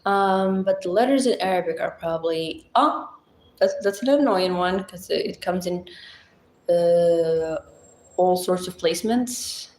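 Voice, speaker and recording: A woman's voice: on the low side, a little slow, a little mellow. A woman hosting a casual livestream, chatting with viewers and rambling through simple language explanations with plenty of fillers. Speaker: livestream host. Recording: echoey room.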